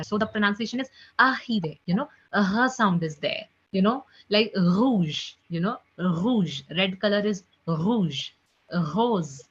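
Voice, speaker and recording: A woman teaching an online French class, chatty with many "you know, like" fillers, drilling each sound slowly and repeating it. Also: mid-range voice, a bit bright. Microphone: computer mic on a video call. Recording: slightly dull lo-fi call audio.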